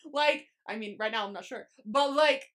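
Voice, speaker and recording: A woman's voice: on the high side, a crowd in the background. A young woman co-hosting a podcast, chatting casually and swearing freely as she recaps a series. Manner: swears a lot, quick and animated. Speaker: podcast co-host.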